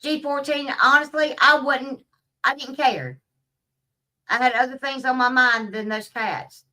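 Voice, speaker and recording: Profane woman ranting, bright voice. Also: high-pitched, a little slow, recorded from a distance, rough recording. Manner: blunt, profane, laughs at her own stories. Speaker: vlogger. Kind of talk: casual ranting monologue.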